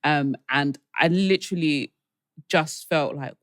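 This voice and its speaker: A young woman with a London accent, hosting a casual podcast chat in an animated, chatty way. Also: low-pitched, unhurried, dry recording, clean studio sound. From United Kingdom. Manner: chatty, animated, laughs often. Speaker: podcast host.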